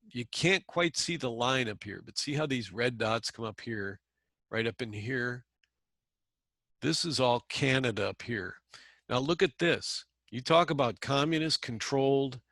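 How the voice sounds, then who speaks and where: A man's voice: medium pitch, fairly bright tone, dry recording. A middle-aged man hosting a channel, talking in a rambling, conversational monologue with sarcastic asides. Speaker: channel host. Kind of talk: casual monologue commentary.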